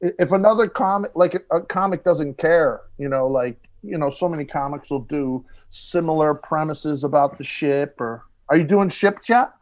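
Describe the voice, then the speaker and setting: Man, high voice, comedian, casual podcast storytelling, animated. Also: normal speed, hardly any pauses. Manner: animated storyteller acting out quotes. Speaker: comedian guest telling stories.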